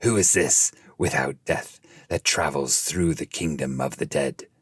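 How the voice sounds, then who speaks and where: A man's voice: a bass voice, a little slow, slightly rough, no echo, clean studio sound, full character voice. A man reading the lines of angry fallen angels guarding a gate, scornful and commanding. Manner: scornful, commanding verse speech.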